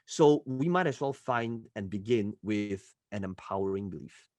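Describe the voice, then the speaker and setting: A man who is a podcast guest and entrepreneur, telling stories in an animated, emphatic way and often tagging his points with "right?". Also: fairly low pitch, normal speed, no room sound. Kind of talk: podcast interview storytelling.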